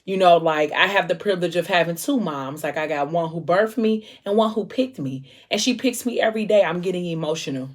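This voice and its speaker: A woman's voice: on the low side, brisk, few pauses. A young woman casually recapping a novel's plot in a chatty, meandering way with lots of fillers. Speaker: vlogger discussing a book.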